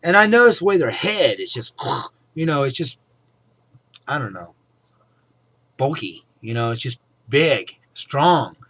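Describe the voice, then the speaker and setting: A man's voice: medium pitch, expressive, a little slow, long pauses, a bit bright, breathy edge, dry recording. A middle-aged man telling a personal story in a casual, rambling way, often saying "anyway" and "okay?". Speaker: vlogger.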